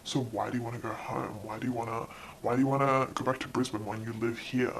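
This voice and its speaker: A woman putting on the voice of a blunt, suspicious police officer who questions slowly. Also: a bass voice, steady tone, slight background noise, voice pushed down. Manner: slow, sassy questioning.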